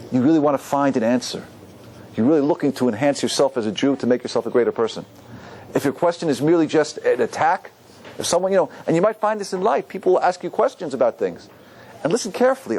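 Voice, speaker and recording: A man, a rabbi, teaching a Torah class and asking his listeners questions. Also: a little high. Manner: animated, asks the audience questions.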